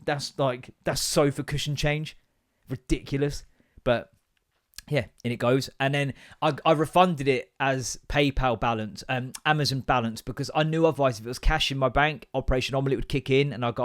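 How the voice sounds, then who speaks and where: A man hosting a podcast, telling comic stories in a sweary, animated, sarcastic way. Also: mid-range voice, moderate pace, no room sound, clean studio sound. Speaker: podcast host. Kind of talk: comic storytelling monologue. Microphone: podcast microphone.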